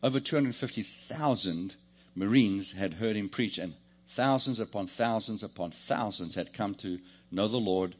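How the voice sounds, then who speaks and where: A man's voice: fairly low pitch, moderate pace, slightly rough. A man preaching a sermon, joking and calling on the congregation to answer back. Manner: lively, joking, calls on the congregation. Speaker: pastor.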